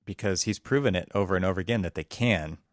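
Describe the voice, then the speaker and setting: A man's voice: deep voice, fast talker, dry recording, studio quality. A man co-hosting a casual architecture podcast, talking with emphatic, preachy energy. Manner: emphatic, preachy about disruption. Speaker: podcast co-host. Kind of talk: casual conversation. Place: California.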